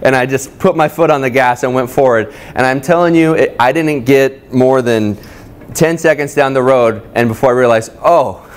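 A man's voice: mid-range voice, moderate pace, clear, resonant tone. A male pastor preaching a sermon at a church service that is also streamed online, talking conversationally and addressing his listeners directly.

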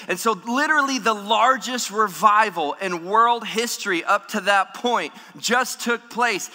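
A man preaching a sermon in a church, animated, acting out the voices of people in the story. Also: sits high. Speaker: pastor. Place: church hall. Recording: long hall reverb.

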